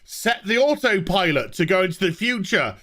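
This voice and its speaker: A man's voice: high-pitched, big pitch swings, moderate pace, pushed and bright. A man ranting sarcastically in an exasperated review vlog about a TV episode. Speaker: TV show reviewer.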